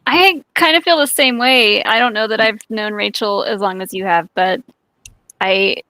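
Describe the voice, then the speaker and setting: A woman's voice: medium pitch, moderate pace, bright, forceful tone, no echo. A young woman co-hosting a casual podcast chat, speaking hesitantly with many fillers. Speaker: podcast co-host. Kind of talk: casual live-stream chat.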